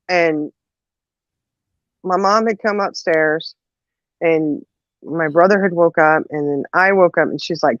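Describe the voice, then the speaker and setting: A woman with a low voice tells a family story slowly, with long pauses, as a podcast co-host in a casual chat. Though animated, laughing often and acting out quoted voices, she comes through on a muffled recording with no echo.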